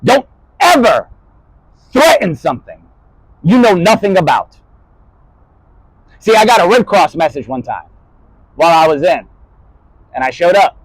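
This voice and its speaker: A man with a fairly high voice delivers a rambling spoken-word monologue, leaping from one topic to the next. He swears freely and swings between quiet asides and louder bursts. The sound is dry and close, with no room around it. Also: big pitch swings, unhurried, pauses often, breathy edge, dry recording, poor audio. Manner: rambling, jumping topics, swearing, shifting loudness.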